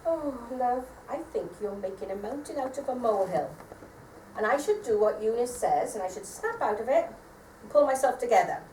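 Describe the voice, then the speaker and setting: A woman playing a worn-down, tearful mother, speaking softly and hesitantly on a live theatre stage. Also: on the high side, lively intonation, normal speed, natural voice. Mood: despairing. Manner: soft, hesitant, self-deprecating. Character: weary depressed mother, tearful and self-doubting. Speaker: amateur stage actor. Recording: echoey theatre stage from far off, faint noise.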